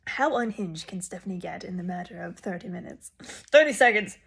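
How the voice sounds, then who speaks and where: A young woman vlogger telling a rambling story casually to a phone camera. She jumps in volume and pitch when she quotes herself. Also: fairly quick, vocal fry, slightly rough. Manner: animated and rambling, with sudden loud jumps when quoting herself.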